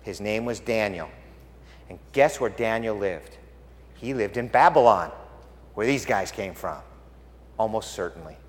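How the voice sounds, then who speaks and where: A man preaching a sermon, telling the story dramatically and swinging from hushed tones to loud exclamations. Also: on the low side, animated, unhurried, long pauses, big-room sound. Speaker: pastor.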